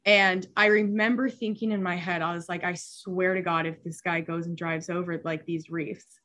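Speaking at a moderate pace in a lowish voice, a young superyacht stewardess shares a story in casual conversation, full of filler words, laughing and animated throughout.

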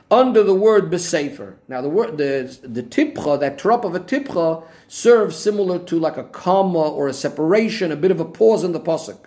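Brief: male Torah teacher, high voice, methodical explainer. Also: darkish tone. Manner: methodical, restates points with Hebrew terms. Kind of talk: explaining a Rashi commentary.

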